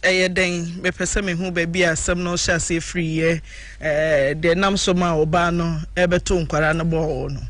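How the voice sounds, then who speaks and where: A man with a Ghanaian accent hosting a casual radio call-in chat, animated and laughing often. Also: on the high side, normal speed, no echo. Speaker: radio host.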